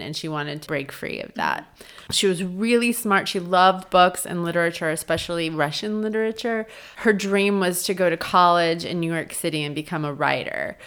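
A woman's voice: on the low side, a bit bright, smooth. A middle-aged woman hosting a podcast, telling a true-crime story in a chatty, casual way with lots of fillers and asides. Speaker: podcast host.

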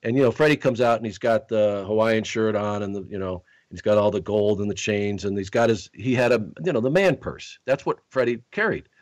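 A man's voice: lowish voice, fairly quick, hardly any pauses, no echo. A man hosting a podcast, chatting and telling rambling stories with many restarts. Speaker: podcast host. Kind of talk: casual podcast chat.

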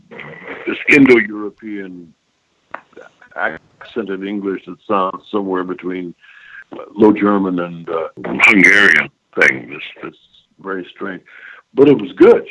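On a low-fidelity phone recording, an older voice actor guest reminisces during an interview, spinning rambling, emphatic tales and pausing to check in with his listener. His voice is lowish with a slightly bright quality.

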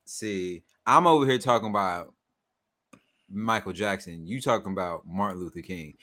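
A young adult man co-hosting a casual sports podcast, teasing and animated, often cutting in. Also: low voice. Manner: teasing, animated, quick to interrupt. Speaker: podcast co-host.

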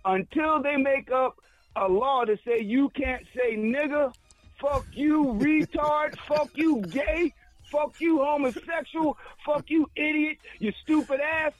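A man's voice: very high voice, takes it slowly, no echo, muffled recording. A man co-hosting a radio talk show, ranting in a casual, profane way with stammered restarts. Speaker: radio co-host. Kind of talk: casual on-air rant.

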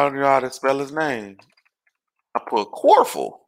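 Animated, exasperated man ranting about sports. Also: mid-range voice, unhurried, pauses often. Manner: animated, exasperated, swears freely. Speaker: podcast host. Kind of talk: rambling sports podcast rant.

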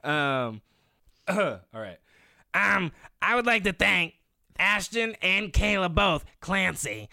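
A man doing an impression of a bratty, bossy cartoon boy for a podcast shout-out. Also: sits high, vocal fry, dry recording, studio quality, heavily acted.

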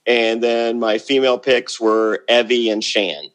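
A man's voice: mid-range voice, level tone, a little slow. A middle-aged man chatting as a podcast guest, blunt and boastful, often repeating words as he starts a thought. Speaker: podcast guest, former reality show contestant. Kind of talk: casual interview chat.

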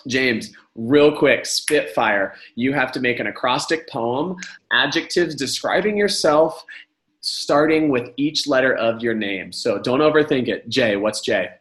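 A male podcast host with a playful, upbeat delivery, a middle-pitched voice that teases and hypes his guest. He keeps the chat bouncy and friendly. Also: a little slow, fairly bright tone. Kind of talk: casual chat.

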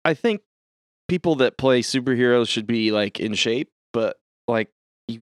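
A man of ordinary pitch chatting loosely on a podcast, swearing freely and laughing often. His voice comes through dry and close, with no room sound at all. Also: a little slow, no echo. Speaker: podcast co-host. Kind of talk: casual chat.

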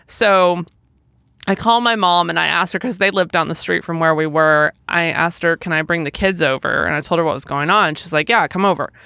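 A woman's voice: on the low side, steady tone, brisk, vocal fry, bright, forceful tone, clear, resonant tone, dry recording. A woman podcast co-host telling an emotional personal story, acting out the people in it with quoted dialogue.

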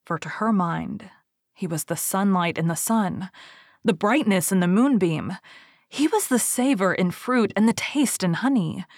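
A woman reading an old storybook tale aloud in a measured, steady way. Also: mid-range voice, no echo, studio quality.

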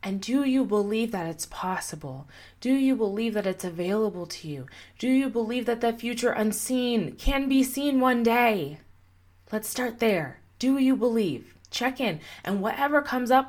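A young woman hosts her own motivational podcast alone. She talks in an earnest, encouraging way and keeps asking her listener gentle, repeated questions. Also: a little high. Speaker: podcast host and coach. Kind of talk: solo motivational podcast talk.

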